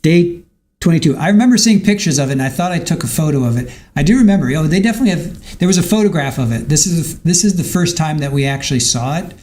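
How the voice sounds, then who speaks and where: A man's voice: on the high side, lively intonation, fast, a little mellow. A man hosting a live stream, recapping court testimony in a chatty way, reading viewer comments aloud and talking to his dog at home. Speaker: livestream trial commentator.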